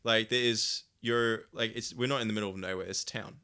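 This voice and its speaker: A man talks through his plans in a loose, enthusiastic podcast chat, full of likes and restarts. His voice sits a little low but rings bright and crisp. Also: brisk. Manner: relaxed, enthusiastic, lots of fillers. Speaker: event organizer.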